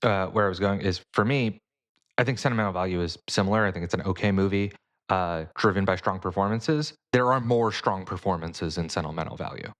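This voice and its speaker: Low-voiced man, measured podcast talk. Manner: measured, hedging, dry humor. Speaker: podcast co-host. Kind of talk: casual film discussion.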